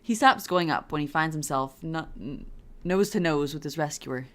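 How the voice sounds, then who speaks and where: Deep-voiced female co-host, playful, reads fanfic and interjects corrections. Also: normal speed. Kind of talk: casual comedic reading.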